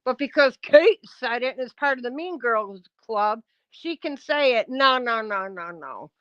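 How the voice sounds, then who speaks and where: A woman's voice: on the high side, expressive, a little slow, fairly bright tone, no room sound, muffled recording. A woman on a live stream, ranting bluntly and confrontationally at her chat and swearing often. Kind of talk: heated live-stream rant.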